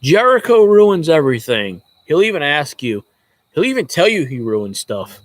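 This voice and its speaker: A man's voice: a little high, big pitch swings, moderate pace. A man who vlogs as a sports fan, ranting in a casual, rambling way with a lot of swearing and jokes. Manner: profane, joking, rambling.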